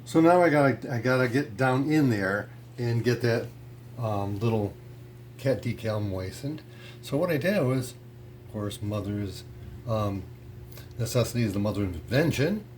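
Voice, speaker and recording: A man's voice: medium pitch, normal speed, a little hiss or hum. Chatty man teaching pottery. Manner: relaxed, chatty, with many fillers and restarts. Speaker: ceramics instructor. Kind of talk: casual how-to demonstration. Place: pottery studio.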